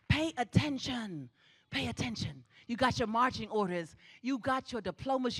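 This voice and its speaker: A middle-aged woman with a slightly high, husky voice gives a spirited commencement address on a theatre stage. As the graduation speaker, she uses an emphatic preaching cadence and repeats her exhortations.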